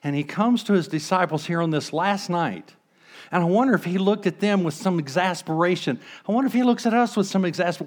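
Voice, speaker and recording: A man preaching a sermon as pastor, conversational, asking the congregation rhetorical questions and swinging between hushed and emphatic delivery. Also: high voice, quick pace.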